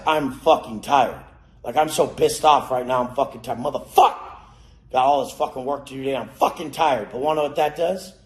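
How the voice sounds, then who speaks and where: A man giving a profane, aggressive motivational rant, cursing and yelling at his listeners. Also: medium pitch. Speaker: motivational speaker. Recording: roomy echo.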